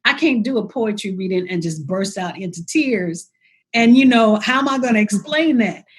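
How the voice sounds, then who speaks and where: A woman's voice: medium pitch, animated, moderate pace. Woman poet guest, reflective storyteller, quotes her own inner voice. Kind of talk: reflective conversational interview.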